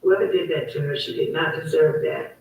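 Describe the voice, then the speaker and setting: A woman's voice: low voice, steady tone, a little fast, darkish tone. Woman host, emphatic and repetitive monologue; distant mic, echoey room, faint noise. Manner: emphatic, repetitive, heated storytelling. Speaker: host of her own online talk show. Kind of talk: casual livestream monologue.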